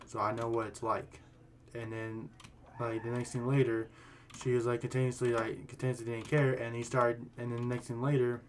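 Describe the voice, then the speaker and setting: A man's voice: medium pitch, little pitch movement, moderate pace, slight background noise. A man hosting a casual storytime commentary video, rambling and heated, often restarting his sentences. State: voice getting worn out. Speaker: YouTube commentary host.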